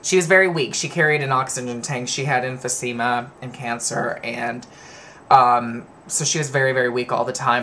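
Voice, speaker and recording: A man's voice: mid-range voice, a little fast, bright, forceful tone, slight background noise. Candid rambling man telling stories. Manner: candid, rambling, laughs at himself. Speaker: vlogger. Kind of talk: personal storytelling to camera.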